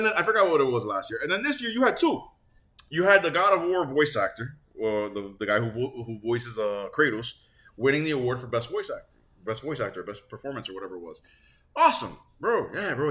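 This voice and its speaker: Animated, profane man ranting about games. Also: medium pitch. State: stuffed up. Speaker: gaming channel host. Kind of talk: casual on-camera rant.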